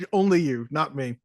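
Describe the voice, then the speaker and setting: A podcast co-host chatting casually about a film, animated and jokey, often slipping into quick mock voices. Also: medium pitch, husky, dry recording, clean studio sound. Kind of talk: casual movie-review chat.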